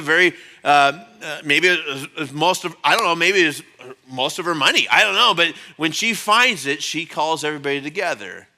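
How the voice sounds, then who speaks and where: A man preaching a sermon to a church congregation. His voice sits somewhat high for a man and sounds very bright and forceful. He talks in a loose, conversational way and tells the story with lively energy. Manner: animated storyteller, acts out quotes in changing voices; conversational, with fillers and restarts. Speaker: pastor.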